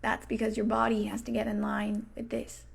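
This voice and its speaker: A woman's voice: mid-range voice, completely flat delivery, moderate pace, creaky. A woman in her thirties hosting a motivational podcast, talking casually and frankly, full of fillers and swearing, sometimes dropping to a near-whisper for emphasis. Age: 30s. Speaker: podcast host and coach.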